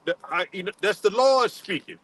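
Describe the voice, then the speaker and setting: A man preaching a sermon in a halting, repetitive way, full of fillers, and calling on another man to read scripture aloud. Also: sits high, expressive, fairly bright tone, slight background noise, rough recording. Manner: halting, repeats words, many fillers, calls on a reader. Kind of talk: street-style sermon with scripture reading.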